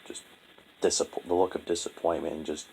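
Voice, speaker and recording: A young man telling a painful personal story in a halting, profane, heavy-hearted monologue. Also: rumbling low, flat delivery, vocal fry, darkish tone, slight background noise, low-quality recording. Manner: halting, profane, full of restarts and fillers. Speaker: vlogger.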